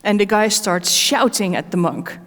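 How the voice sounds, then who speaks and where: A woman's voice: mid-range voice, moderate pace, fairly bright tone. A woman speaker and certified coach answering audience questions at a conference, talking hesitantly with many fillers and restarts. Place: conference hall. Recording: echoey conference hall.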